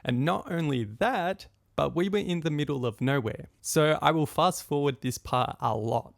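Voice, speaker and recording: Gravelly young man telling a story. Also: a little high, normal speed, no room sound, studio quality. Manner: animated, acts out quotes of friends and his own past thoughts. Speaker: podcast host. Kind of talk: personal storytelling monologue.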